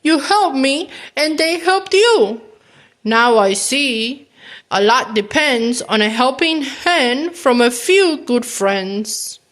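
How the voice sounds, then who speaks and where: A woman's voice: high-pitched, expressive, takes it slowly, a bit bright, full character voice. A woman playing a pompous big dump truck. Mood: grateful. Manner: bossy and pompous. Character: big, self-important male dump truck. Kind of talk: children's storybook read-aloud.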